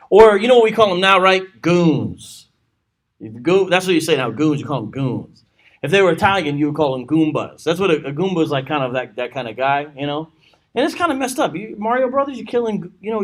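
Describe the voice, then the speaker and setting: A man's voice: high-pitched, a bit bright. A man teaching a church Bible study, reading scripture aloud with joking asides. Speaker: pastor.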